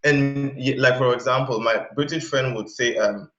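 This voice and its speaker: A man's voice: medium pitch, fairly even intonation, a bit bright, soft background music. Guy chatting in an interview, stops and restarts a lot looking for examples, roomy dull recording. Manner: halting, searches for examples mid-sentence. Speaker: interview guest, language learner. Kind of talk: casual interview chat. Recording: echoey, dull sound.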